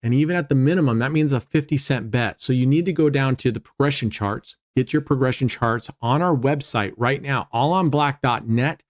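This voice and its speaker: A man's voice: mid-range voice, fairly quick, few pauses. A man hosting a casual gambling walkthrough from home, talking chattily and cheering and laughing when bets land. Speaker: casino strategy channel host.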